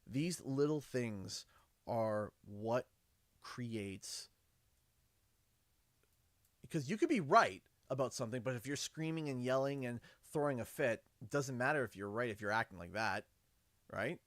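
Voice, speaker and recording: Mid-range in pitch, measured in pace, and given to long pauses, a Canadian livestreamer in his thirties chats casually without echo. His storytelling is animated as he acts out what his kids and he said.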